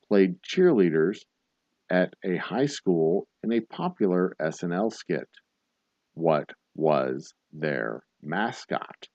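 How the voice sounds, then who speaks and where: A man hosting a livestreamed bar trivia night, reading questions slowly and joking casually with some swearing. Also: low-pitched, big pitch swings, a little mellow, no echo, highs cut off. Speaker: trivia host.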